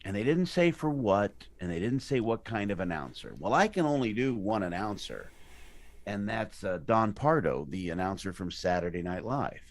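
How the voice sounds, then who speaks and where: A man's voice: on the low side, normal speed. A man, an actor being interviewed, chatting casually and animatedly about his work. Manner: animated, slips into character voices. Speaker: actor guest.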